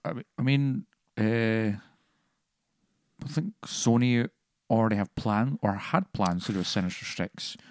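A man with a fairly low voice co-hosting a casual film review podcast. He sounds enthusiastic and laughs as he retells scenes he loves. The recording is close and dry. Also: a little slow, no echo. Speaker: podcast co-host.

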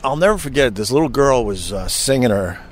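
A middle-aged man hosting a podcast, telling an old radio story in a profane, emotional, animated way. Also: mid-range voice, fast talker, a little hiss or hum. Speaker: podcast host and former radio host. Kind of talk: casual storytelling.

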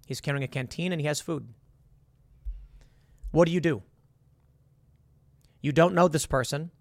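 Man, fairly high voice, earnest monologue host, bone-dry close recording. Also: normal speed, no echo. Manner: earnest, repetitive, rhetorical questions. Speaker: commentator. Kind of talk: casual monologue with hypotheticals.

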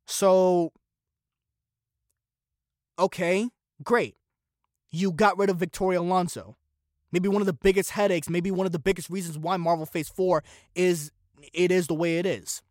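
A man's voice: high voice, fairly even intonation, a little slow, pauses often, a little mellow, dry recording, clean studio sound. A man hosting a solo commentary podcast, opinionated and sarcastic, firing off one rhetorical question after another. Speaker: podcast host.

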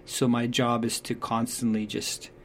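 A man's voice: mid-range voice, flat delivery, a little slow, fairly bright tone, a little hiss or hum. A man talking through parenting advice in a reflective, conversational way, often checking in with "right?".

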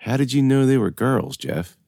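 A man's voice: medium pitch, big pitch swings, moderate pace, vocal fry, warm tone, dry recording, pitched above the performer's own voice. An exasperated male detective, voiced by a man telling the story, fires off blunt, impatient questions. His voice stays close to the narrator's own. The sound is dry.

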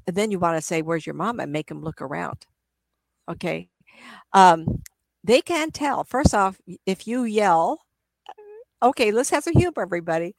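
A woman's voice: lowish voice, lively intonation, normal speed, creaky, long pauses, no echo. A middle-aged woman, a psychic medium, chatting in an interview and acting out spirits with gasps and laughs. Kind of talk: casual interview talk.

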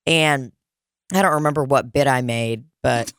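A woman's voice: a bass voice, moderate pace, no echo, clean studio sound. A young woman telling a story in casual podcast chat, joking and swearing freely. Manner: profane, jokey storyteller.

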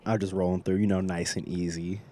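Low, mellow-voiced young man telling stories. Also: a little fast, slight background noise. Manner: animated, profane, laughing storyteller. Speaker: podcast host. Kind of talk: casual storytelling chat.

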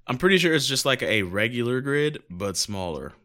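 A man's voice: mid-range voice, very animated, normal speed, fairly bright tone. A man co-hosting a casual podcast, reading news articles aloud and breaking off into sarcastic, profane asides. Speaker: podcast co-host.

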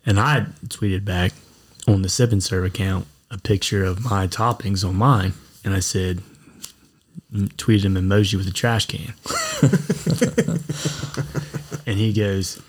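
A man's voice: deep voice, slow pace, pauses often, husky. A man hosting a podcast in casual chat, telling stories in a rambling way and laughing often. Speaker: podcast host.

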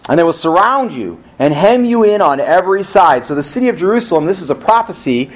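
A man's voice: high-pitched, big pitch swings, quick pace. A male pastor preaching a sermon in a conversational way, asking rhetorical questions and rising for emphasis.

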